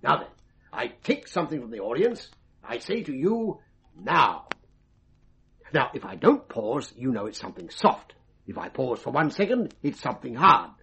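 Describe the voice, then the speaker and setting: An actor playing a breezy, wheedling stage mind-reader who talks in slang, in a vintage radio drama. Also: male voice, mid-range voice, sing-song, moderate pace, gravelly, bright, forceful tone, breathy edge, exaggerated voice. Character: brash cockney male stage mind-reader.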